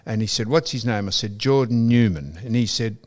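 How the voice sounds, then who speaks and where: An older Australian man co-hosting a podcast tells an anecdote in casual chat, mimicking people and swearing occasionally. He speaks briskly, with a fairly low pitch and lively intonation.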